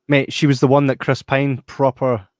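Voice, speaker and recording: A man's voice: medium pitch, flat delivery, moderate pace, a little mellow, no echo, studio quality. Laid-back Scottish man giving blunt views. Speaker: podcast co-host. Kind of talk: casual film review chat.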